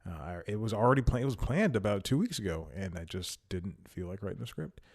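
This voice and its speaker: Male solo podcast host, slightly low voice, loose rambling delivery with chuckles, a bit winded. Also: animated, fairly quick. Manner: rambling, self-mocking, chuckles often. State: slightly out of breath. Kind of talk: casual solo podcast chat. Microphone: headphones and studio mic.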